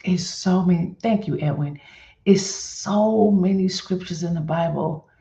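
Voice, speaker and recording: A woman hosting a faith-based wellness stream, talking straight to her viewers and coaching them through an exercise in a lively, animated way. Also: on the low side, measured pace, gravelly, reverberant, dull audio. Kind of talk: live-stream coaching talk.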